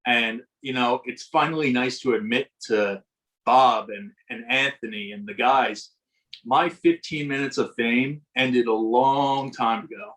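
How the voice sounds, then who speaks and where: Middle-aged male guest, mid-pitched, reflective and rambling, casual storyteller. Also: unhurried, fairly bright tone, poor audio. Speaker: podcast guest, baseball umpire.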